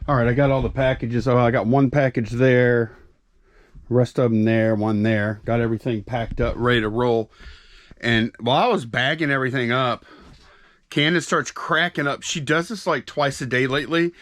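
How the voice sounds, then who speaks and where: A man's voice: mid-range voice, fairly even intonation, moderate pace, dry recording, clean studio sound. A man chatting casually and rambling while packing orders as co-host of a reselling channel. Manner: rambling, self-interrupting, folksy.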